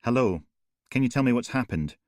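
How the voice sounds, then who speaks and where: A man's voice: mid-range voice, lively intonation, brisk, no echo, pitched above the performer's own voice, close to an everyday voice. A man voicing a police emergency operator, firm, insistent and controlled.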